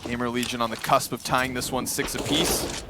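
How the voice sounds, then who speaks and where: A man doing fast, excited play-by-play commentary on a competitive shooter match. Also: medium pitch, background noise. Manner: rapid excited play calls. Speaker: play-by-play caster. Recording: game gunfire behind. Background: gunfire from the match.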